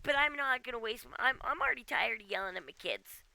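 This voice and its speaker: A woman's voice: a little high, animated, fast, creaky, pushed and bright, dry recording. A woman game streamer ranting casually at home, exasperated and often ending with "okay?". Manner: exasperated, keeps tagging "okay?". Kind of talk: casual livestream rant.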